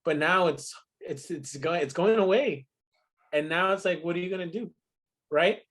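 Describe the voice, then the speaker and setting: A man's voice: high-pitched, moderate pace, fairly bright tone. A man in his twenties in casual podcast chat, telling stories emphatically and swearing freely. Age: 20s. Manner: profane, emphatic storytelling.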